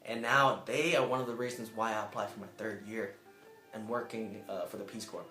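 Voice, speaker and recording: With faint music behind him in an echoey room, a young former Peace Corps volunteer tells a personal story to camera, earnest and emotional. His bright, forceful voice moves briskly with fairly even intonation, though it jumps up in pitch when he acts out people he quotes.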